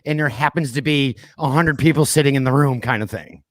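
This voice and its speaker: A man's voice: medium pitch, brisk, no room sound. Teasing podcast host man, dry sound. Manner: teasing, chiming in with short agreements. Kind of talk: casual chat.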